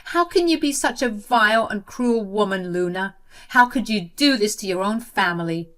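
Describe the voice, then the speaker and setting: A woman voicing an entitled, panicky sister-in-law with a high, shrill voice in a read-aloud story. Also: lively intonation, normal speed, a bit bright, lightly acted. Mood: furious.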